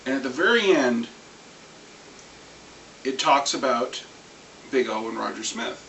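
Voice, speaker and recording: A man ranting casually about anime, rambling and animated, swearing now and then. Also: medium pitch, unhurried, gravelly. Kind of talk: casual rant. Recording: echoey room, far from mic, faint hiss.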